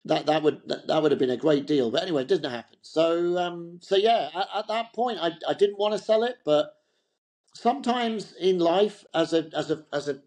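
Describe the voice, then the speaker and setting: A man's voice: on the high side, moderate pace, darkish tone. A middle-aged man, a fashion entrepreneur as an interview guest, telling loose, rambling stories in a chatty way. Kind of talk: casual anecdotal interview talk.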